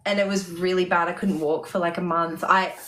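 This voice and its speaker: A woman's voice: fairly low pitch, little pitch movement, brisk, fairly bright tone. A woman musician as a podcast guest in casual chat, joking and laughing along.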